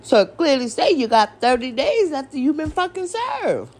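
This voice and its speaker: A woman's voice: high voice, very animated, moderate pace, a little mellow. A woman hosting a podcast, ranting in a casual, exasperated, profane way and firing off rhetorical questions. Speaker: podcast host. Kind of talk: casual rant.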